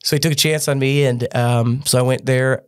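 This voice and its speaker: A man's voice: medium pitch, steady tone, brisk, smooth, no echo, studio quality. A man who was a gymnast, telling his story earnestly as a podcast guest and often restarting his sentences. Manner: earnest, with frequent restarts and fillers. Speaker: podcast guest, former gymnast turned business owner. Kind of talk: casual storytelling interview.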